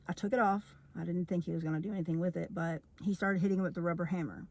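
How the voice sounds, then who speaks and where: A woman telling a personal story in a casual storytime, earnest and hesitant, filling pauses with fillers while she paints. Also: lowish voice, fairly even intonation, a little mellow. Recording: echoey room with long reverb.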